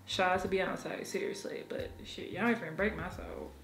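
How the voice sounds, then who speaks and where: A woman's voice: fairly low pitch, fairly even intonation, moderate pace, fairly bright tone, a little hiss or hum. Frank, emotional woman vlogging in an echoey room. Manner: frank and emotional, swears freely, laughs often. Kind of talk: candid personal vlog talk.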